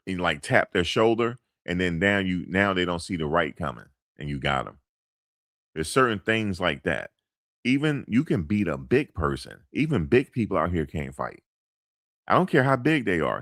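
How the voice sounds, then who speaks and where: Middle-aged man, very low voice, dry close mic, loose slang-heavy monologue full of restarts. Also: fairly bright tone, dry recording. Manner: loose, rambling, street slang with many fillers and restarts. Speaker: commentator. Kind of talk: casual storytelling monologue.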